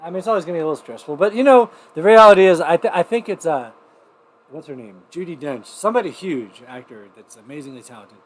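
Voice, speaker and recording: A man hosting a livestream showcase, telling a rambling, profane story in casual chat and swinging between loud outbursts and muttered asides. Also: on the high side, expressive, fast. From New Mexico. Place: home.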